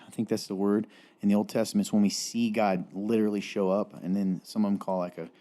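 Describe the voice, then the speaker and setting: A young man with a Southern Appalachian drawl speaks on a casual faith podcast. His voice sits low and sounds dark and mellow. He rambles earnestly and often restarts his sentences. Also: flat delivery, fast talker. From Eastern Kentucky. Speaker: podcast co-host.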